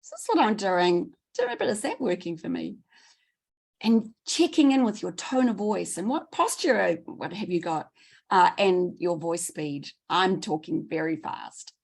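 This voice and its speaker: A middle-aged woman giving a training talk, enthusiastic and quick, repeating words for emphasis. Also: lowish voice, sing-song, gravelly. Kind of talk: presentation talk.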